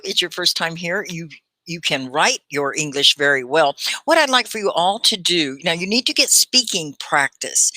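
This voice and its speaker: Texan woman ESL teacher, encouraging live lesson, bright tone, dry close sound. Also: deep voice, no echo. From Texas. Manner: encouraging, instructive, slow for learners. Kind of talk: live online English lesson.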